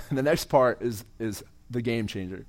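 Speaking at an unhurried pace in a medium pitch, this young man is a campus minister giving an earnest, testimony-like sermon. He frequently restarts by repeating words and lets the ends of his sentences drop away softly.

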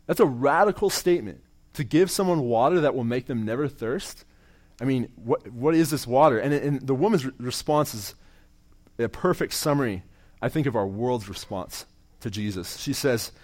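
A young man, a campus minister, preaching in an earnest testimony style, often repeating words as he restarts and letting sentence ends drop quiet. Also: medium pitch, normal speed.

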